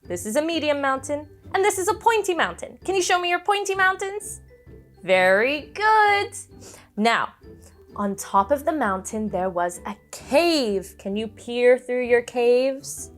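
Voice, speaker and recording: Animated woman telling a children's story. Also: high voice, measured pace, soft background music. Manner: animated, coaxing, with gasps and playful animal noises.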